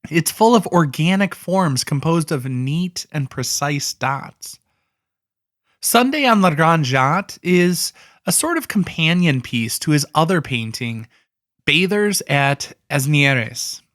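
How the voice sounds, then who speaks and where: A man explaining a painting in a relaxed, conversational way, thinking aloud with asides. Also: on the high side, slow pace, no room sound, studio quality. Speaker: art educator. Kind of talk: casual art history explainer.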